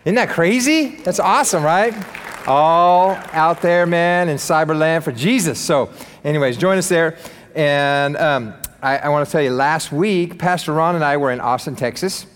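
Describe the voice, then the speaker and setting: A man's voice: fairly high pitch, moderate pace. A male pastor preaching a sermon to his congregation in an easygoing, enthusiastic way, joking with the room between points. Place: church sanctuary. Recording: long reverb of a large hall.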